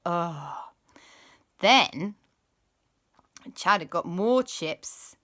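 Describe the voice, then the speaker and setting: Lady reading a kids' story slow, dropping into spooky whispers, bright voice. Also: fairly low pitch. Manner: animated, drops to spooky whispers. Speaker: storyteller and show host. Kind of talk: children's storytelling.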